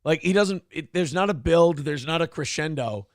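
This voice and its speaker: A man's voice: a little high, expressive, moderate pace, dry recording, clean studio sound. A man hosting a morning talk show, chatting casually in a profane, joking way. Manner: profane, joking, mocking impressions. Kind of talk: casual chat.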